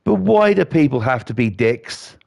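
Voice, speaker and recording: A man's voice: mid-range voice, sing-song, normal speed, vocal fry, darkish tone, no room sound, clean studio sound. A man, ranting and swearing in a rambling way while he plays a video game. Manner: profane, rambling, indignant. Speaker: gaming YouTuber.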